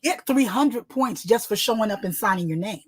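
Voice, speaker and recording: A middle-aged woman from New Jersey, a guest telling personal stories in a sing-song, animated way and acting out voices. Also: mid-range voice, fairly quick, husky, no room sound. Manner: lively, acts out voices in her stories. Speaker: guest, author and illustrator. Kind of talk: personal storytelling in conversation.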